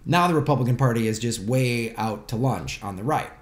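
A man hosting a political commentary show, talking in an animated, sarcastic and indignant way. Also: medium pitch, fairly quick, roomy sound.

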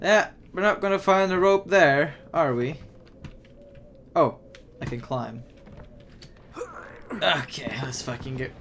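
A man playing a horror game and commenting on it, excitable, swearing freely and talking back to the game. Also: on the high side, slow, long pauses, a little hiss or hum. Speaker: gaming YouTuber.

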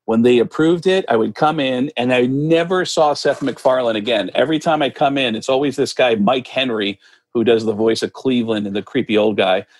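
Animated male comedian telling stories. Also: mid-range voice, brisk. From United States. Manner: animated, acts out other people's voices in quotes. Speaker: podcast guest, comedian and impressionist. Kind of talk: casual storytelling.

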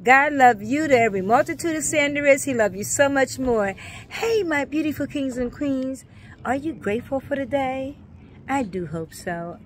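A woman's voice: high voice, lively intonation, normal speed, a little hiss or hum. A woman vlogger greeting her viewers in a sing-song way, repeating blessings and affirmations. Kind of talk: casual vlog greeting with spiritual affirmations.

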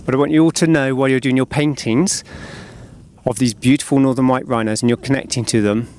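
A man, an artist, speaking slowly and heartfelt to schoolchildren from an outdoor animal enclosure. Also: medium pitch, fairly even intonation, a little hiss or hum. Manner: slow, hushed and heartfelt. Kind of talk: earnest outdoor video address.

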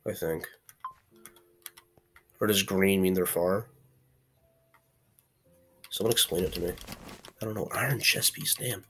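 Low-voiced man joking through gameplay. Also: unhurried, long pauses, slight background noise. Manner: chatty, playfully trash-talking, bursts into loud frustrated yelps. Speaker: gaming channel host. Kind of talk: casual gameplay commentary.

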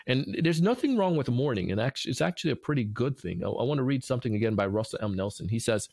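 Gravelly, earnest male podcast host. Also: mid-range voice, sing-song, quick pace, few pauses, darkish tone, dry recording, studio quality. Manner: earnest, encouraging, with frequent restarts. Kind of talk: devotional podcast talk.

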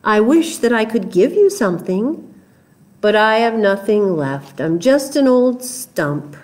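A woman voicing a gentle, giving tree who grows old, speaking softly and sadly. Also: very animated, a little slow. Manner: soft, sorrowful, low-voiced.

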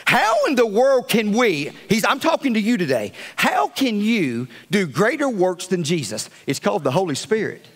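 A man preaching a fiery sermon as pastor, swinging between loud calls and hushed asides. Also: high-pitched, wildly swooping pitch, moderate pace, few pauses, husky.

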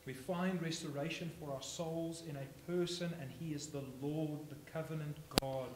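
A man preaching a sermon as pastor, swinging from hushed phrases to loud emphatic ones. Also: fairly high pitch, fairly even intonation, normal speed. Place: church sanctuary. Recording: echoey church, faint hum.

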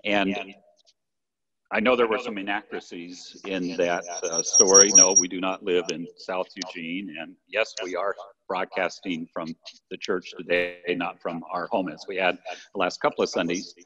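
A man's voice: low voice, flat delivery, moderate pace, a little hiss or hum. An older man preaching a sermon from his church, talking conversationally and often asking his listeners "right?". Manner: conversational, warm asides with "right?". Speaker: pastor. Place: church sanctuary. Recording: lo-fi livestream with long church reverb.

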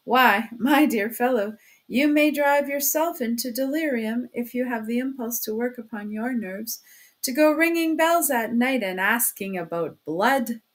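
A sly male criminal investigator, as a woman reads him in an audiobook chatters on in a chummy, teasing way, dropping hints as he probes. The voice sits fairly high and comes across a bit raised and pushing. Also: measured pace, natural voice. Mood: chummy, insinuating. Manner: talkative, teasing, insinuating. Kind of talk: audiobook reading.

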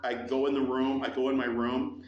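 A middle-aged man preaching a sermon, telling a personal story with lively acted-out voices. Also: mid-range voice, normal speed, highs cut off. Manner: animated storytelling, acts out quoted voices. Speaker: pastor. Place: church hall. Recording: echoey room with faint ambience.

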